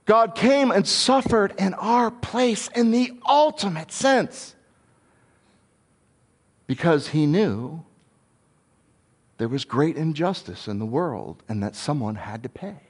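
A man preaching a sermon in an earnest way, sometimes dropping soft and low, sometimes rising and emphatic. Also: big pitch swings, slow pace, pauses often, slightly rough.

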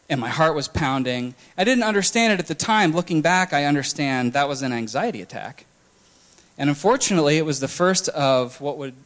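A young man telling his personal story candidly, halting often with restarts and fillers. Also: fairly high pitch, a bit bright. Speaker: testimony speaker. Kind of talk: personal testimony talk.

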